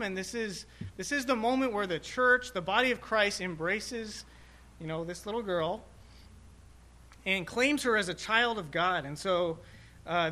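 Chaplain guy preaching, high voice, bright tone, lots of restarts and pauses. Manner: halting, reflective, many restarts and fillers. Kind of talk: personal story in a sermon.

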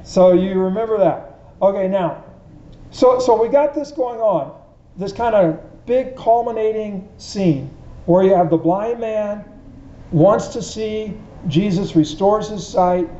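High-voiced man teaching a Bible study. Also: slow, mellow. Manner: conversational, asks the listeners questions. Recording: dull echoey room recording.

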